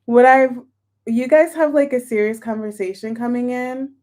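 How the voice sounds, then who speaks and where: Female tarot reader, talks casually and gets emotional, somewhat high pitch. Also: normal speed, dark tone. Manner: chatty, emotional, exclamatory. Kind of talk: casual tarot reading for viewers.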